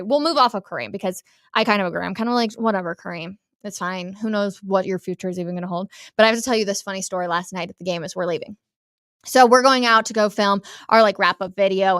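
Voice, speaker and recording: A woman's voice: mid-range voice, clean tone, no room sound, studio quality. Chatty American woman sports host. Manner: chatty and animated, addresses listeners as "you guys". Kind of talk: casual sports talk to listeners.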